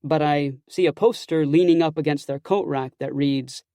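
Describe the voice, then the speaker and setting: Male audiobook narrator, wry, conversational, slightly high, gravelly, dry close mic. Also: moderate pace, warm tone, no room sound. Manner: wry, self-conscious, conversational. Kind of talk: scripted first-person narration.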